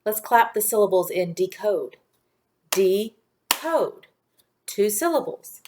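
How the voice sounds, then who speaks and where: A woman teaching a phonics lesson to young children in a patient, clear teacher voice, sounding out letters one by one. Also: mid-range voice, normal speed, darkish tone, a little hiss or hum.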